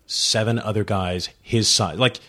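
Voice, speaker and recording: A man voice actor, a podcast guest, in playful, animated casual chat. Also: fairly low pitch, unhurried.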